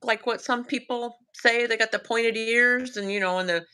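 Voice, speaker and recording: On the high side and smooth, her voice keeps a moderate pace. The Southern US woman is a guest recounting a sighting casually, quoting her son and herself with animation and frequent laughter.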